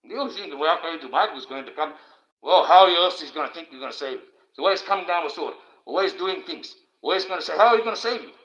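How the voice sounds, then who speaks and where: A man's voice: on the high side, a little fast, a bit bright. An Australian man ranting on a livestream, crude and profane, rambling with stumbling restarts. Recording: dull lo-fi stream audio.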